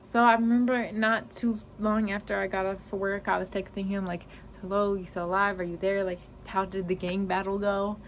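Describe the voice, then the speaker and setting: A woman's voice: mid-range voice, little pitch movement, moderate pace, dull audio, a little hiss or hum. Young woman rambling through a storytime. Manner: rambling, heavy use of "like" and "you know". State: close to tears. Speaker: vlogger. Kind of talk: storytime vlog.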